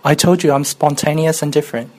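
A man's voice: a little high, steady tone, quick pace, low-quality recording. A man co-hosting a music countdown podcast in casual chat, making dry, teasing jokes. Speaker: podcast co-host.

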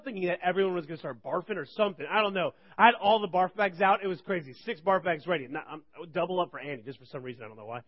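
A man in his thirties preaching to a church group, telling funny stories in an animated, rambling way. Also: sits high. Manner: animated, joking, rambling with restarts. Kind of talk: humorous sermon storytelling. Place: church service. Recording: dull lo-fi recording.

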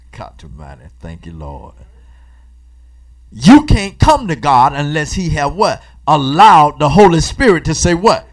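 A male preacher with a slightly high voice, leading a call-and-response sermon. His pitch swings widely as he throws questions at the congregation and pauses for the reply. He moves between loud emphatic bursts and quiet asides.

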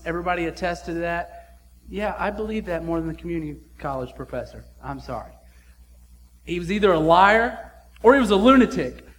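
A man's voice: high voice, a bit bright. A man preaching a sermon as pastor, blunt and emphatic, with casual slang.

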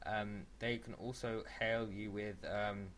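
Chatting loosely on a casual podcast, this male co-host keeps starting his sentences over. He talks slowly in a lowish, slightly bright voice with a flat delivery.

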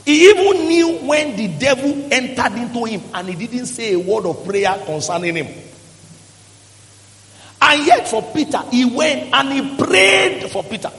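A man's voice: extremely high pitch, animated, unhurried, creaky, fairly bright tone. A male pastor, preaching emphatically and acting out quoted voices in a church hall. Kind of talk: sermon.

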